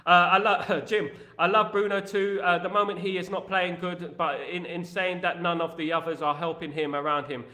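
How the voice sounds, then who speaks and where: Animated man, echoey room. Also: sits high, fairly quick, few pauses. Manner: animated, rambling, emphatic, British slang. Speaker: football podcast host. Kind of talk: live-stream chat reading viewer comments.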